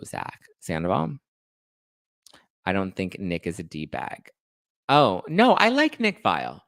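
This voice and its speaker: A man hosting a casual chat show, talking in a gossipy, animated way. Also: low-pitched, creaky, no room sound, clean studio sound. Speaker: host.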